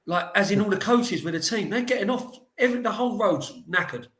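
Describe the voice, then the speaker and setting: A man on a podcast as a guest, telling animated, rambling anecdotes in casual chat with lots of "like". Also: high-pitched, fairly quick, roomy sound. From England.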